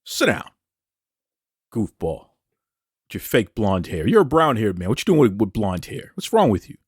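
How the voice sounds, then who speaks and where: A man's voice: fairly low pitch, very animated, moderate pace, husky, dry recording. Man, wrestling commentary rant, taunting and combative, rhetorical questions, dry close sound. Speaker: wrestling show host.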